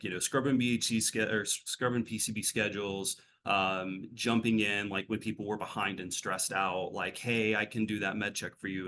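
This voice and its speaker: A man's voice: low voice, a bit bright, slight background noise. A man working as a behavioral health clinician, answering interview questions in a rambling, casual way, full of fillers and restarts.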